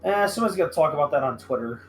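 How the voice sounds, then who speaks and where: A man hosting a casual podcast chat, excitable and profane, breaking into sudden loud outbursts. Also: fairly high pitch, fast talker, soft background music. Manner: excitable, swearing, shouts in bursts. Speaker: podcast host.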